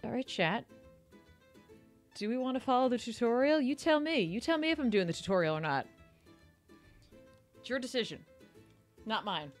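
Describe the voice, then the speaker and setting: Giggly high-voiced woman streamer. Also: animated, moderate pace, pauses often, soft background music. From New Jersey. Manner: giggly, chatty, thanks viewers and reads out tutorial text. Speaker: game streamer. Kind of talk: casual live-stream gaming chat.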